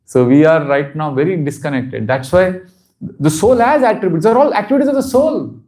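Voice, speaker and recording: A man's voice: on the high side, animated, normal speed, darkish tone. A man giving a devotional seminar talk, earnest and repetitive for emphasis, often breaking into laughter. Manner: repeats phrases for emphasis. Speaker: spiritual teacher.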